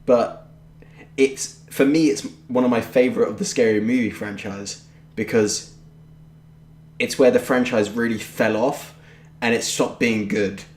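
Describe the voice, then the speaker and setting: A man's voice: medium pitch, steady tone, a little slow, pauses often. A young man, co-hosting a podcast in casual chat, rambling and offhand with a jokey way of talking. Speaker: podcast co-host. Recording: roomy echoey home recording.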